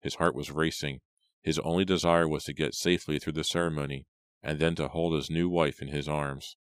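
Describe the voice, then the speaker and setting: A man reading an audiobook in a steady, measured narration. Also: a bass voice, no room sound, clean studio sound.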